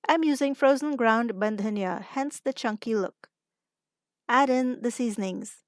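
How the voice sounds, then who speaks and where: A woman narrates her recipe as a cooking vlog host. Her voice sits a little high, and she talks through each step calmly and plainly. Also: unhurried, no room sound, studio quality. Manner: calm, step-by-step instructive.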